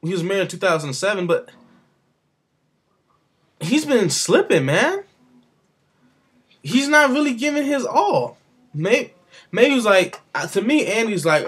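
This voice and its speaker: A man's voice: high voice, big pitch swings, normal speed, pauses often, fairly bright tone, husky. A man giving his casual, rambling opinions on the sport, with offhand asides. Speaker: sports commentator vlogger.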